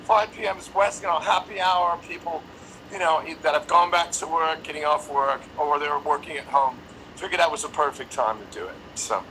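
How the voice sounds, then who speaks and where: A man guesting on a casual live stream over a phone. He is friendly and brisk and wraps up with quick goodbyes. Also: on the high side, sharp tone, a little hiss or hum, low-quality recording. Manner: friendly, brisk sign-offs. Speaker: band member guest.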